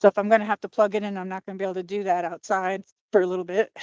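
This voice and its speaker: A woman walking outdoors at dusk and chatting to her livestream viewers, slightly out of breath. She rambles and apologizes as she goes, with a mid-pitched voice. The sound is dry and close, picked up by a phone on a gimbal. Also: level tone, racing, a little mellow, smooth, no echo, highs cut off. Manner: rambling, apologetic, talks to chat. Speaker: livestream host. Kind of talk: casual livestream chat while walking.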